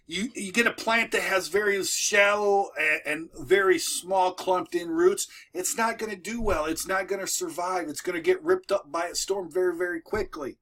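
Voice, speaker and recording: A man with a high, bright voice gives a casual motivational talk to camera. He repeats himself and restarts phrases in a folksy way. He is recorded at home. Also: expressive, moderate pace, hardly any pauses. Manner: repetitive, folksy, restarts often. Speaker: moving business coach and video host. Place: at home with dogs nearby.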